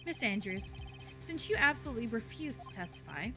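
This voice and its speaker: Cold, lecturing young male prosecutor in a game, read by a woman, with a bright voice and faint game music. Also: a little high, big pitch swings, full character voice. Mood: grave. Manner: measured, lecturing and cutting. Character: cool, formal male prosecutor, young adult. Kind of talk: fan voice-over of a game's dialogue.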